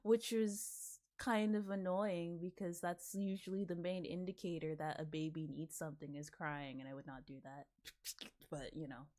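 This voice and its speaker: A woman's voice: lowish voice, steady tone, normal speed, a little mellow. A woman in her twenties chatting casually as a streamer, rambling with lots of "like", swearing and laughing often. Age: 20s. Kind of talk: casual reaction chat.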